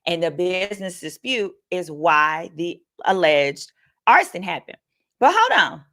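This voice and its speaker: A woman's voice: lowish voice, big pitch swings, a little slow, fairly bright tone. A woman attorney hosting a casual livestream of legal commentary, talking candidly and reading viewer comments aloud. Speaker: attorney and host.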